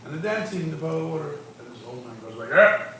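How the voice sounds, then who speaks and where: A man spins a story in a loose livestream chat, animated and quick to laugh. His voice sits back from the mic in a very echoey room. A steady noise runs underneath. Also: on the high side, far from the mic.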